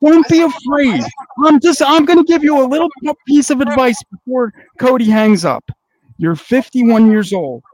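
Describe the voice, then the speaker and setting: A man's voice: extremely high pitch, normal speed, darkish tone, no echo, poor audio. A man who runs a podcast network, arguing angrily with a caller and lecturing him with constant swearing. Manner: angry, profane, lecturing. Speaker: network owner. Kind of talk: heated on-air argument.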